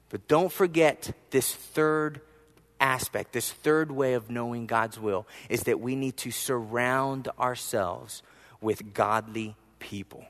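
A man preaching a sermon, telling a personal story, with soft asides and emphatic rises. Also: medium pitch, slow, long reverb tail. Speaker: pastor.

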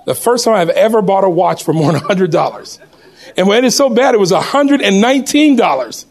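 A man telling a personal testimony story to a congregation in an animated way, often laughing as he goes. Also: high voice, fairly quick.

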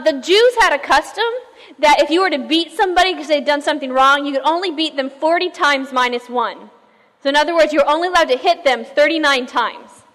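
A woman pastor telling a story in a sermon, in a lively conversational way, asking the listeners questions. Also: high voice, big-room sound.

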